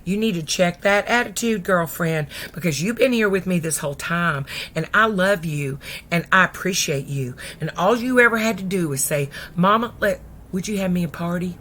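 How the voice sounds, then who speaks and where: A woman's voice: fairly low pitch, moderate pace, a bit bright. A woman preacher voicing a loving, forgiving middle-aged mother who scolds her daughter firmly but tenderly.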